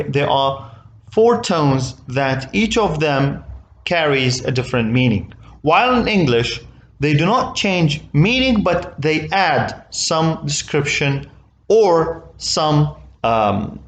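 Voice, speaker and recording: Male teacher with an Arabic accent, patient and explanatory, voice a touch high with animated intonation. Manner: explains slowly, checks understanding with "okay?". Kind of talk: recorded English lesson.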